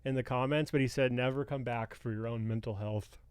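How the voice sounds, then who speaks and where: A man's voice: mid-range voice, steady tone, fairly quick, smooth, dry recording. A man in his late thirties co-hosting a comedy podcast, teasing and laughing in casual chat. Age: 30s. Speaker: podcast co-host.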